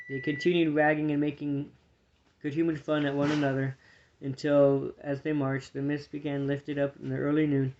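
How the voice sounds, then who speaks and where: A man reading a storybook aloud to his children, with a steady, plain delivery and small slips. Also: on the high side, brisk, dull audio, slight background noise.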